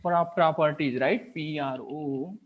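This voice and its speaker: A programming instructor with an Indian English accent leads a live coding class, speaking slowly in a fairly high voice. Working step by step, he keeps asking his students "right?" and "what is that?", captured on a dull lo-fi screen recording.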